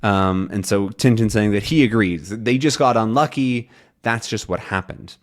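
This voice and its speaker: A young man teaching English, explaining a comic slowly and clearly, rephrasing as he goes. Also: lowish voice. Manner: slow, clear, repeats and rephrases.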